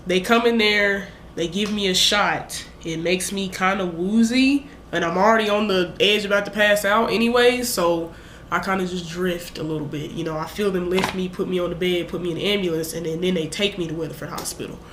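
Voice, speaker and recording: A woman's voice: lowish voice, fairly quick, slight background noise. A young woman, retelling a story in a casual, rambling way and acting out her own lines. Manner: animated, rambling retelling with acted-out quotes. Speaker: vlogger. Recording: echoey room.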